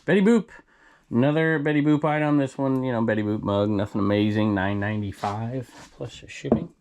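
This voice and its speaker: A man's voice: medium pitch, brisk, darkish tone, slight background noise. A man reselling secondhand goods, talking casually to camera in an opinionated, rambling way. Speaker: reseller vlogger.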